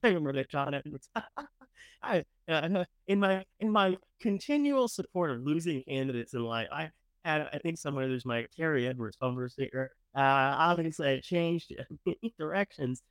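A man's voice: fairly high pitch, lively intonation, moderate pace, clean tone, no echo. Guy hosting a show, chatty and sarcastic, voice bounces all over, dry close sound. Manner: chatty, sarcastic, swings between loud enthusiasm and mumbled asides. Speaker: show host reviewing candidates. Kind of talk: casual commentary.

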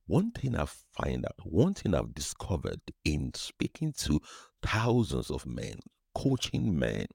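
A man hosting a podcast, telling a personal story in a slow, soft, often whispery way. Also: very deep voice, vocal fry, breathy edge, no echo, clean studio sound. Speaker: podcast host and recovery coach. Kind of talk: reflective podcast monologue.

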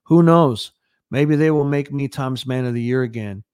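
A man's voice: mid-range voice, moderate pace, a little mellow, smooth, no room sound, studio quality, natural voice. A man reading the lines of an arrogant young national leader who makes harsh, angry demands. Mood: angry threatening.

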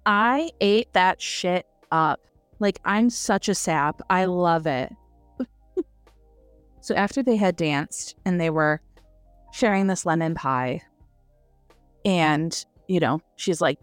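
A young woman with a slightly low voice talks through a book review in a relaxed, chatty way. She gushes openly and laughs easily. The sound is dry and close, with faint music under it. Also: no room sound. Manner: animated, gushing, quick laughs. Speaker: podcast co-host. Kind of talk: casual book review chat.

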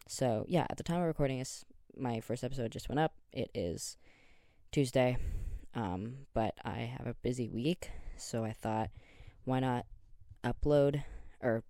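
A man's voice: medium pitch, normal speed, no echo, clean studio sound. Rambling, tired young Canadian man. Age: 20s. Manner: rambling and self-interrupting, with many likes and ums; gets excited about favorite superheroes. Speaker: podcast host. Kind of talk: casual solo podcast chat.

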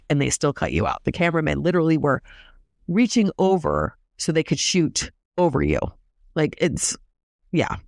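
An opinionated recap host rattles through a reality show episode, tossing in snarky asides and quick restarts. The voice has a steady fry running through it. The sound is dry and up close, with no room echo. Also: mid-range voice. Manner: chatty, opinionated, fast bursts with restarts; mocking asides and quoted imitations of cast. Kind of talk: casual gossipy episode recap.

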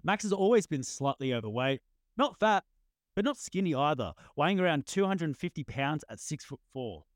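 Male co-host, higher lively voice, stumbly reader, dry mic. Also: normal speed, dry recording. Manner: stumbling reader, frequent self-corrections. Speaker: podcast co-host reading stories. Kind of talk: reading aloud on a casual podcast.

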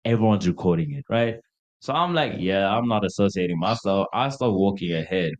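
A man's voice: sits low, lively intonation, fairly quick, dull audio. A young man co-hosting a podcast, casually telling a party story, acting out quotes in a raised voice and laughing often. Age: young adult. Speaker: podcast co-host.

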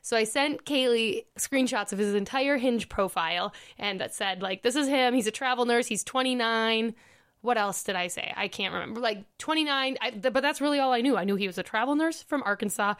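A woman's voice: a little high, fairly quick, fairly bright tone, smooth. A young woman from Minnesota hosting a podcast, telling a dating story in a chatty way and laughing often. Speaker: podcast host. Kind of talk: casual storytelling podcast chat.

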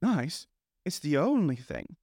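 A man's voice: normal speed, dry recording, clean studio sound, natural voice. A man voicing a dreamy old water rat. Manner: solemn, musing, breaks into excited high bursts. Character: genial dreamy male water rat, boat-lover. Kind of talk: storybook character reading.

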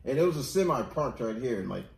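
A man's voice: medium pitch, sing-song, fast talker, creaky. A man chatting casually on a podcast, who laughs a lot and pokes fun at himself. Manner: laughs often, self-deprecating. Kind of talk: casual chat. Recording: echoey room, faint noise.

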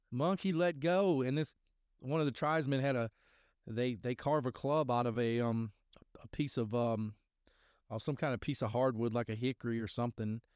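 A middle-aged man tells a story on his podcast in a loose, rambling way, circling back and restarting his sentences. His voice is smooth and clear, recorded close and dry. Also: mid-range voice, darkish tone, no room sound. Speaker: podcast host sharing testimony. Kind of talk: casual spoken testimony.

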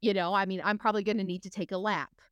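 A woman's voice: mid-range voice, steady tone, fast, a bit bright, smooth, no room sound, dull audio. A middle-aged woman co-hosting a podcast, talking frankly in a casual chat, often hesitating and restarting her sentences. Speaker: podcast co-host.

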